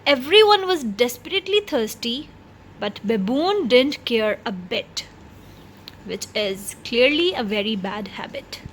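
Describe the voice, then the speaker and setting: A woman reading a children's picture book aloud in an expressive storytelling voice. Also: fairly high pitch, a little slow, slight background noise. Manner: expressive, shifting pace.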